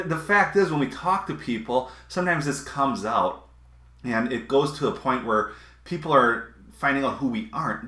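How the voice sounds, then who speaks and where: Male pastor, casual sermon, bright tone, roomy echo. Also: medium pitch. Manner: conversational, chuckling asides.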